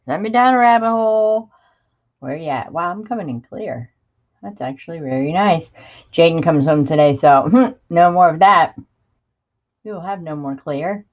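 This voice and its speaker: A woman's voice: deep voice, moderate pace, lo-fi sound. A woman hosting a crafting livestream, chatting casually and gushing as she greets viewers by name and shows craft supplies. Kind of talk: casual live chat while showing craft supplies.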